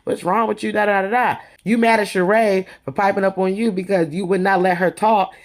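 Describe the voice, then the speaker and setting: Woman, mid-pitched voice, casual gossipy recap, animated, laughing as she retells. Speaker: reality TV recap vlogger.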